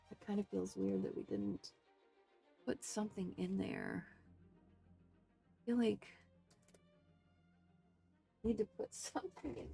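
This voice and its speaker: A woman with a gravelly voice chats her way through an art journaling session. She thinks out loud and second-guesses her choices as she talks to her viewers. Soft music plays faintly behind her. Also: mid-range voice. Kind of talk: casual crafting tutorial chat.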